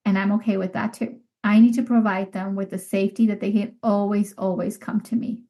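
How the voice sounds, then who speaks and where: A woman's voice: medium pitch, flat delivery, brisk, mellow, rough recording. A middle-aged woman hosting a solo podcast, talking in an earnest, heartfelt way and repeating phrases for emphasis. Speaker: podcast host. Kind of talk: reflective solo podcast talk.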